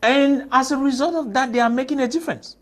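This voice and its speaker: Panelist, male, high voice, emphatic debater who leans on rhetorical questions in a TV studio. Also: quick pace, a bit bright. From Cameroon. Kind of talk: TV panel discussion.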